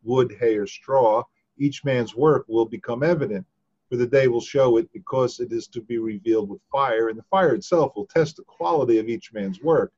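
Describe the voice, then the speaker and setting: A man's voice: mid-range voice, normal speed, darkish tone, husky, highs cut off. A man taking part in a casual Bible study, reading scripture aloud and answering questions.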